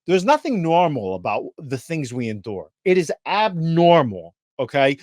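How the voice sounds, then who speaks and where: A man's voice: fairly high pitch, very animated, moderate pace, a little mellow, no echo, studio quality. Exasperated man in his thirties, ranting. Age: 30s. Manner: exasperated, emphatic, repeats himself. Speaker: podcast co-host. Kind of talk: heated podcast rant.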